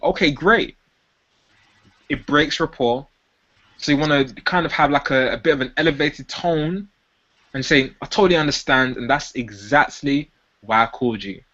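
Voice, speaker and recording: Man coaching sales technique, slightly higher voice. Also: sharp tone, highs cut off. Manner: demonstrates sales lines by acting them out in different tones. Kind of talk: instructional talk to camera.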